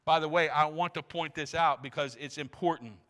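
A man's voice: a little high, steady tone, brisk, fairly bright tone. Emphatic older man preaching a sermon. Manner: emphatic, asks rhetorical questions, repeats words. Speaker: pastor.

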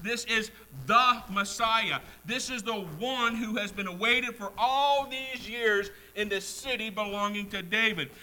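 A man's voice: high voice, measured pace, few pauses, bright, forceful tone, low-quality recording. A man preaching a sermon, emphatic, repeating key words and putting questions to the congregation. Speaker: pastor.

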